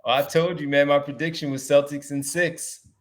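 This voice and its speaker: A man co-hosting a sports podcast, talking in an animated, emphatic way. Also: fairly high pitch, normal speed. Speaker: podcast co-host. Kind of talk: casual sports podcast talk.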